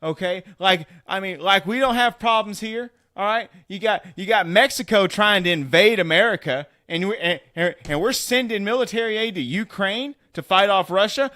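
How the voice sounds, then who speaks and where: Man doing a Southern-drawl hothead in a comic rant, higher and louder than his own voice. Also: normal speed, hardly any pauses, no room sound, clean studio sound. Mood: heated ranting. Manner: heated rant, repeated rhetorical questions. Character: loud ranting man, angry at the president. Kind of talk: comic political parody rant.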